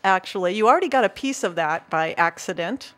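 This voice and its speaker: A woman's voice: mid-range voice, expressive, a little fast, fairly bright tone. A woman with a Boston accent, co-hosting a local talk show in a chatty, enthusiastic way, telling stories and laughing easily. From Massachusetts. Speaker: co-host. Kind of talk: casual chat.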